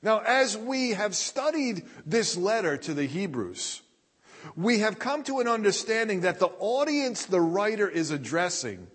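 A man with a high voice preaching a sermon, unhurried and measured as he works through scripture. His words ring out with a long reverb, as if recorded in a large hall. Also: a bit bright. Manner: deliberate preaching, reading scripture aloud. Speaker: pastor.

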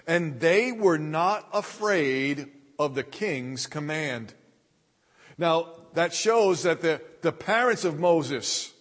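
A man with a high voice preaching a sermon, unhurried and measured as he works through scripture. His words ring out with a long reverb, as if recorded in a large hall. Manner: deliberate preaching, reading scripture aloud. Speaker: pastor.

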